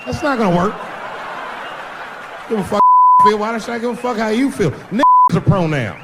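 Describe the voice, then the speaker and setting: A man doing stand-up on stage, telling a story conversationally and moving from quiet asides to loud punchlines. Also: high voice, expressive, normal speed, heavy background noise. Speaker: stand-up comedian. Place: stage with a live audience.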